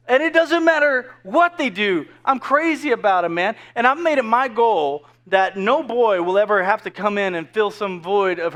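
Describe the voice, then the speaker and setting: A man with a notably high voice gives a relaxed, conversational sermon, joking and talking straight to his listeners. He sounds like he is in his thirties, and a faint crowd can be heard behind him. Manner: joking, conversational preaching with many asides. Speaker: pastor. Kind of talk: casual sermon.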